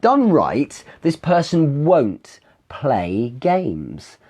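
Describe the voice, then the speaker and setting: Sales coach with a lively, mellow voice. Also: male voice, a little high, very slow. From England. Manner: conversational, explains with examples, frequent restarts.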